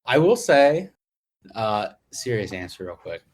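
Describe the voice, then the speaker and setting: A young man from Michigan co-hosting a podcast, joking and trading banter in casual chat with bursts of quick talk. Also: lowish voice, very animated. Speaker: podcast co-host.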